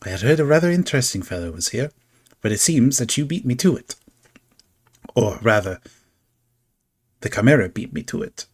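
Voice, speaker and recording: A man's voice: mid-range voice, animated, moderate pace, long pauses, breathy edge. A man voicing a flamboyant, whimsical male showman in a tabletop game, talking in a theatrical, sing-song way. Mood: gleeful.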